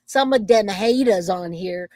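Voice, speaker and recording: A woman's voice: medium pitch, a little slow, darkish tone, no room sound. A woman hosting a true crime livestream, chatting loosely with her viewers and reading comments aloud. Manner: loose and chatty, self-interrupting, laughs easily.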